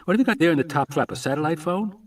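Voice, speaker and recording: A man's voice: a little high, expressive, racing, distant mic, voice pushed up. A man voicing a talkative, evasive male scientist who explains at length, read aloud from an audiobook. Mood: chatty.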